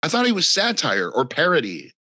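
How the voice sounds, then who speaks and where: A man's voice: fairly high pitch, huge pitch swings, a little fast, bright, forceful tone, husky, no room sound. A man talking in a casual podcast chat, rambling and profane with lots of fillers.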